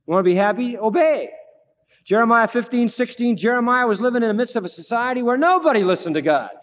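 A man's voice: high-pitched, quick pace. A man preaching a sermon who quotes scripture with emphasis and asks the listeners questions. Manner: emphatic, quoting scripture, asking the crowd questions. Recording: long reverb of a large hall.

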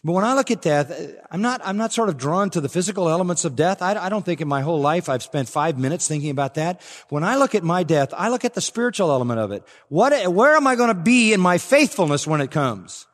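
Older male pastor, expository sermon, slightly high-pitched, hall reverb. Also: animated, quick pace, hardly any pauses. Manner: expository preaching, swells with emphasis. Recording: long reverb of a large hall.

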